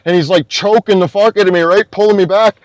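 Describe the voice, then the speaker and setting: A young man from Scotia, a podcast guest telling an animated story and swearing constantly. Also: high voice, fast, no echo, rough recording. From Nova Scotia, Canada. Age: young adult. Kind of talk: casual storytelling.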